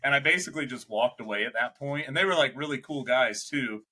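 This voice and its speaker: Bright-voiced young man telling a rambling story. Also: medium pitch, quick pace. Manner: rambling, animated, swearing, laughing storyteller. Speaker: podcast co-host. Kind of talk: casual storytelling chat.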